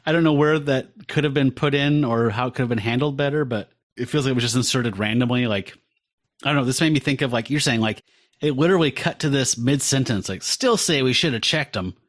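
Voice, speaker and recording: A man's voice: mid-range voice, quick pace. A man co-hosting a comic podcast, recapping an issue in a wry, joking way. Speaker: podcast co-host. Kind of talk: casual chat recapping a comic.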